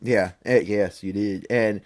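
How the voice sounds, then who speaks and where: A young man co-hosting a casual podcast over a call, telling a story with lots of swearing and high-pitched quotes of himself yelling. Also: steady tone, a little slow. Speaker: podcast co-host. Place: remote call.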